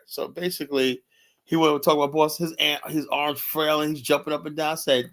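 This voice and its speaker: Man from Virginia, quick animated storyteller, swears freely, loose podcast chat. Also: on the high side. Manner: fast, animated storytelling with heavy profanity and "you know". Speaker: podcast guest, former club security.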